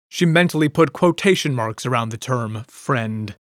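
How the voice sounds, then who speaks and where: Scripted narration of an audiobook chapter, delivered by a man in an even, measured storytelling manner. His mid-range voice has studio quality and carries no room sound.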